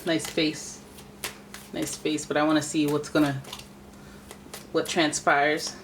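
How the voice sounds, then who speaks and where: Low-voiced woman doing a chatty tarot reading, joking around, faint hiss behind. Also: flat delivery, takes it slowly. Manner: chatty, playful, talks to the cards. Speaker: tarot reader.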